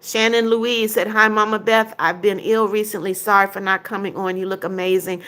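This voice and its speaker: A woman's voice: medium pitch, steady tone, moderate pace, a bit bright. An older woman hosting a livestream, reading viewers' chat comments aloud and answering each one briefly in a casual way.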